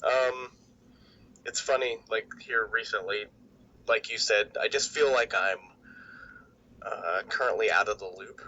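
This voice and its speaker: Hesitant man with a bright voice, lo-fi mic. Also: lowish voice, measured pace, pauses often, slight background noise. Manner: hesitant, filler-heavy, laughs often. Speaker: podcast co-host. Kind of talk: casual wrestling podcast chat.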